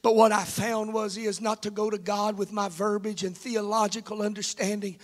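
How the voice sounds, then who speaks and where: A man preaching a sermon, swinging from hushed, whispered lines to loud, sing-song shouting, calling out to members of the congregation. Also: high voice, flat delivery, normal speed. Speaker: pastor.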